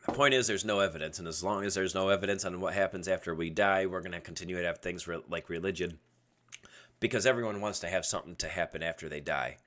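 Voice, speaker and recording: A man's voice: low voice, quick pace, fairly bright tone. A man hosting a casual solo livestream podcast at his computer webcam, rambling and going off on tangents. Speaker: podcast host. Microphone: webcam setup at a computer.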